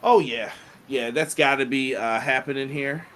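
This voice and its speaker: A man co-hosting a casual wrestling podcast, talking in an animated way. He laughs often and teases his co-host playfully, in relaxed, conversational delivery. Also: mid-range voice, normal speed, a little hiss or hum.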